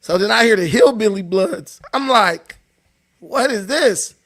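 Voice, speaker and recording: With a high, expressive, fairly bright voice, he talks at a measured pace. He's a Long Beach, California livestream host who laughs and swears his way through casual stories.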